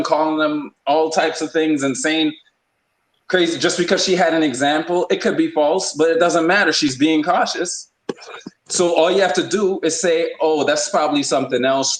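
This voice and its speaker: A man's voice: a little high, fairly even intonation, normal speed, roomy sound, poor audio. A man hosting a podcast, talking in a rambling, emphatic way with many restarts. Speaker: podcast host. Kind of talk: casual opinion talk.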